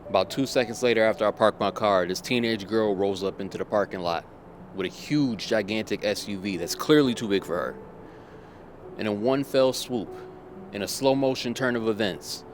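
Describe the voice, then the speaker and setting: Low-voiced man, emphatic and repetitive. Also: moderate pace, a little hiss or hum. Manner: emphatic and repetitive, drives points home. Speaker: motivational vlogger. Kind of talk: motivational storytelling monologue.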